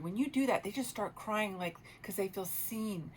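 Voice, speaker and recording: A woman hosting a talk radio show, giving earnest, reflective parenting advice with pauses and restarts, in a radio studio. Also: mid-range voice, a little hiss or hum.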